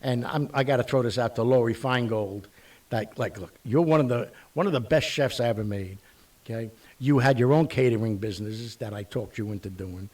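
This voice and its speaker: A man's voice: mid-range voice, fairly quick, recorded from a distance. A man hosting his online show, rambling bluntly with mild curses. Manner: animated, blunt, mildly profane, rambling. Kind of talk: casual rambling monologue.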